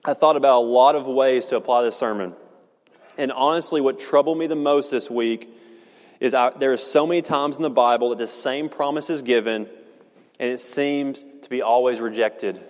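A man preaching a sermon in a church, earnest and measured, slowing down to stress key words. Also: mid-range voice. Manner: earnest, measured, slows for emphasis. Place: church sanctuary. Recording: long hall reverb.

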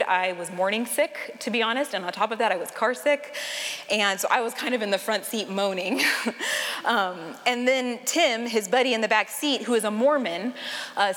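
A woman in her thirties gives an earnest conference talk, mixing a personal story with her main points. Her pitch sits in the middle, and she talks with plenty of fillers. Her voice carries a long reverb from a large hall. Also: a bit bright. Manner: earnest, laughs at herself, many fillers. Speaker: speaker at a Christian conference.

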